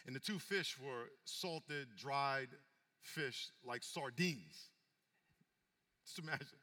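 A man preaching a sermon as pastor, swinging from hushed, intimate passages to loud calls for an amen. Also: medium pitch, slow, long reverb tail.

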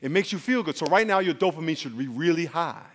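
A man preaching a sermon as pastor, animated and leading call-and-response with the congregation. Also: a little high, fast. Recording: long hall reverb.

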